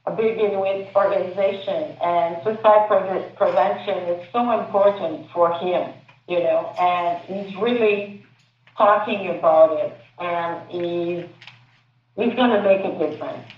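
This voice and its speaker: A hesitant woman filmmaker gives a panel answer, pausing often to find her words. She speaks slowly, and her voice comes from far off in an echoey room. The sound is thin and phone-like. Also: lowish voice. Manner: hesitant, searching for words, many fillers. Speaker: filmmaker answering audience questions.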